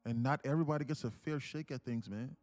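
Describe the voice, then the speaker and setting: A man's voice: mid-range voice, quick pace, a little mellow, dry recording. A young man hosting a live trading stream, talking earnestly and repetitively, calling listeners "man" and "bro" and reading chat messages aloud. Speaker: livestream trading host. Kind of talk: casual motivational livestream talk.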